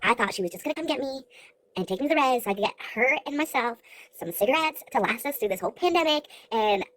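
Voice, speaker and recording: A young woman vlogger telling a funny story, exasperated and swearing freely in rapid rants. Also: fairly high pitch, animated, raised voice, noisy background. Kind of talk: comic storytelling.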